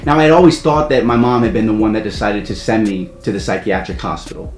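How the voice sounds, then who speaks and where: A man casually telling a story from his own life, rambling with wry asides and loudly acting out the voices of the people in it. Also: on the low side, fast. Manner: rambling, wry asides, loud acted quotes. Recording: echoey room, faint music.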